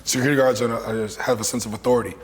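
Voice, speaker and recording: A man with a deep, raspy voice, an actor and comedian talking in a relaxed, reflective way in an interview. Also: racing, in a large hall.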